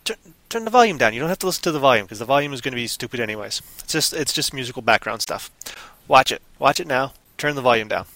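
A man's voice: medium pitch, lively intonation, fast, bright, forceful tone, dry recording. A man hosting a live stream in casual chat, rambling and goofy, often breaking into sing-song humming. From Canada.

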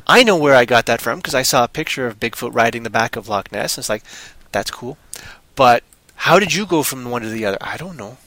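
A man's voice: medium pitch, lively intonation, fairly quick, bright, forceful tone, no room sound, rough recording. A man co-hosting a show in casual chat, rambling and playful, sometimes putting on a silly accent. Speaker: podcast co-host.

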